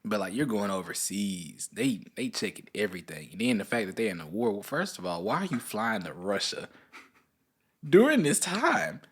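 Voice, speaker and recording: A man co-hosting a relaxed podcast chat with a slightly low voice. He tells a rambling story and acts out every quoted line, jumping into a higher voice for the people in it. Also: a little fast, hardly any pauses, breathy edge. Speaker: podcast co-host.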